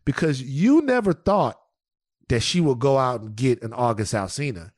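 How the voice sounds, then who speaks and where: A man co-hosting a podcast, riffing with profane, animated comic storytelling in casual banter. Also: mid-range voice, normal speed, no echo, studio quality. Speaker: podcast co-host.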